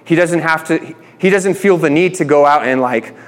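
Enthusiastic pastor with a fairly high voice. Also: male voice, moderate pace. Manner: enthusiastic, repeats words as he restarts. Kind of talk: conversational sermon. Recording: long reverb.

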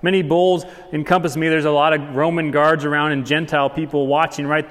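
A man with a fairly high voice preaches a sermon, reading scripture aloud and building to animated peaks. His voice rings with a long hall reverb, as if from a church sanctuary. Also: a little fast, hardly any pauses. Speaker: pastor.

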